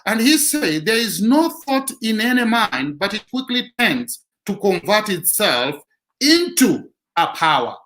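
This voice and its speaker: A man's voice: high voice, sing-song, unhurried, fairly bright tone, rough recording. A man giving a motivational talk who repeats his key lines for emphasis. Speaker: motivational speaker.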